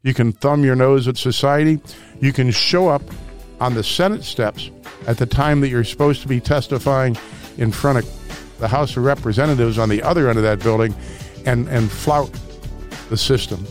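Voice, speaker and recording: A man's voice: mid-range voice, moderate pace, faint music behind. A man in his sixties from St. Louis, Missouri, hosting a political talk radio show in a combative, sarcastic way, with mocking asides. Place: radio studio.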